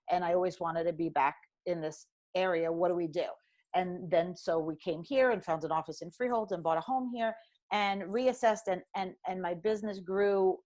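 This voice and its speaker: Middle-aged New woman, lower voice, animated storyteller, guest on a talk show. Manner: animated storyteller acting out quoted dialogue. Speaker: financial professional guest. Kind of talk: candid conversational storytelling.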